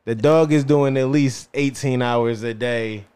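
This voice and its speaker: A man's voice: medium pitch, measured pace, a little mellow, clean tone. A man hosting a casual podcast chat, rambling and circling back with "you know what I'm saying" as he tells a story. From Philadelphia. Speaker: podcast host. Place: podcast studio.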